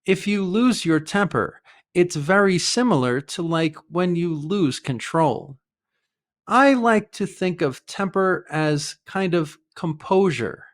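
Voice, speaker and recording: A man teaching an English idiom lesson, explaining each phrase slowly and carefully with example sentences. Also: high voice, animated.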